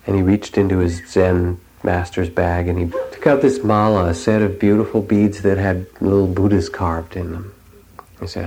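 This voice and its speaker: A man teaching meditation, giving a reflective dharma talk in a gentle storytelling manner with soft pauses. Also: lowish voice, vocal fry, a little hiss or hum, poor audio.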